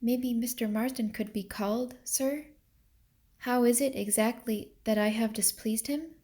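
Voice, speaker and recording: A woman's voice: fairly high pitch, fairly even intonation, measured pace, dark tone, natural voice. A woman voicing a timid young mill girl. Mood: timidly bold. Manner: hesitant, deferential, then defiant.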